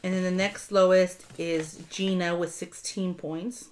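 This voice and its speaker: A woman's voice: lowish voice, a little slow, slight background noise. Chatty woman recapping reality TV. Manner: chatty, animated retelling with laughs. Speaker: podcast host. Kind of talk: casual reality TV recap chat.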